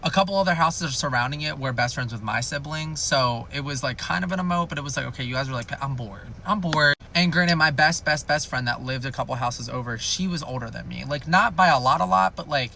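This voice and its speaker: A man's voice: mid-range voice, fast, creaky, few pauses, pushed and bright, a little hiss or hum. A young man telling a rambling, jokey storytime in a chatty way. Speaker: storytime youtuber. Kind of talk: casual storytime.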